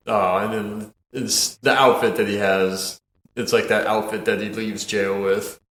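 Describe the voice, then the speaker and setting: A man's voice: fairly low pitch, fairly even intonation, takes it slowly, fairly bright tone, reverberant. A man hosting a podcast, casually and animatedly retelling comedy film scenes, laughing often and swearing. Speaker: podcast host.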